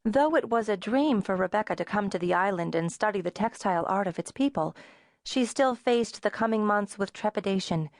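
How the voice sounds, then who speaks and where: In clean studio sound with no echo, a woman reads a scripted audiobook narration. Her mid-range voice keeps a measured, even storytelling manner.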